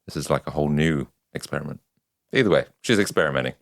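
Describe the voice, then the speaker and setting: A man's voice: extremely low pitch, quick pace, vocal fry, no room sound, clean studio sound. A man co-hosting a podcast, chatting casually, hesitant at times and playful. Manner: hesitant and playful, with trailing-off remarks. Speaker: podcast co-host. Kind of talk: casual chat.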